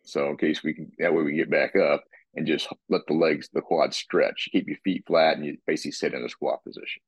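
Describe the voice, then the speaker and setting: A man with a very deep, husky voice explains his workout in casual podcast talk. He rambles and restarts, and he often clears his throat. The sound is dry and muffled. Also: fairly even intonation, brisk, no room sound. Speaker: guest describing his workout.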